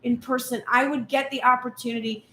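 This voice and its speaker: A woman's voice: on the high side, flat delivery, brisk, pushed and bright. A woman tarot reader giving a channeled reading, speaking heatedly in first person as someone's partner. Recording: roomy echo, faint background hum.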